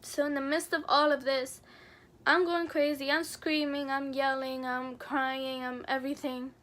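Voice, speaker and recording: A woman's voice: high voice, little pitch movement, measured pace, fairly bright tone. A young adult woman vlogger telling a personal story in an earnest, somber way, full of casual fillers. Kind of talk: storytime narration.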